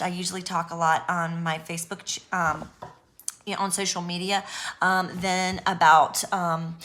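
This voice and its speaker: A woman talks to her camera in a raw, unedited vlog. Her voice is bright and forward at an ordinary pitch. She sounds nervous but earnest and reassuring, stumbling through fillers and restarts. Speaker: YouTuber speaking on abuse recovery. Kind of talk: unedited personal vlog talk.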